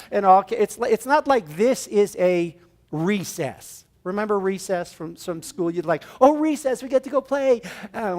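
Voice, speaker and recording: This is a man with a notably high voice giving an inspirational talk to a church audience. He is animated, slipping into little acted scenes and drawing the room into a shared gesture. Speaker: guest speaker at a church service.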